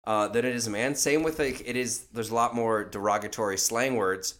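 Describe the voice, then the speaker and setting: A man's voice: a little fast, a bit bright. A man co-hosting a podcast, joking and laughing in loose casual banter. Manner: laughing, joking, trailing off into a low voice. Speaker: podcast co-host.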